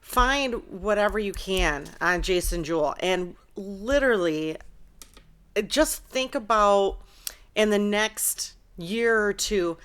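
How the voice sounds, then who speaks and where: A woman with a smooth, resonant voice hosting a relaxed interview show. She chats easily, affirming her guest and filling her pauses with "um". She speaks like a host from the United States. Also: mid-range voice. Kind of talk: casual interview.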